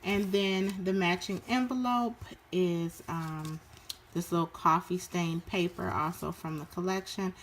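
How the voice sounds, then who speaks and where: Low-voiced woman, casual show-and-tell of crafts, unhurried with lots of ums, faint hiss behind. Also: fairly even intonation. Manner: unhurried, with frequent ums and uhs. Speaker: crafter showing her work.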